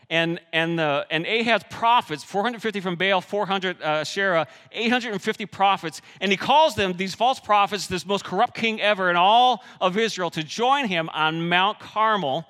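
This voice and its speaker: Male preacher, lively and humorous, bright-toned, recorded in a large reverberant hall. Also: high-pitched. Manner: animated, swings between loud and hushed; jokes with the audience. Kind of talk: sermon.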